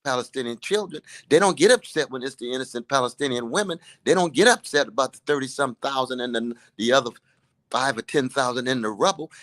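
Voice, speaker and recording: A man's voice: fairly high pitch, animated, a little fast, fairly bright tone. An older man in his seventies speaking in a preacherly, rhythmic way, stacking emphatic repetitions in a passionate political conversation. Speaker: guest.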